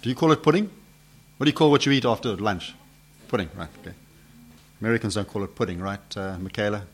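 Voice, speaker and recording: A man preaching an expository sermon, posing rhetorical questions to his listeners and swinging from loud emphasis to hushed questions. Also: fairly low pitch, quick pace, slightly rough.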